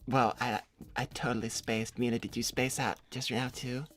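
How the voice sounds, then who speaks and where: Woman doing a chill spacey hedgehog dude, low drawly voice, live rp stream. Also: flat delivery, normal speed, faint music behind. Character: laid-back male teen hedgehog, spacey and smooth-talking. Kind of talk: improvised livestream role-play.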